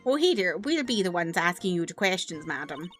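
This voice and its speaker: A woman plays a fussy older judge in a video game, dropping into a low, gruff, mumbled register with a put-on Canadian accent. Soft music hums behind. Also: very animated, brisk.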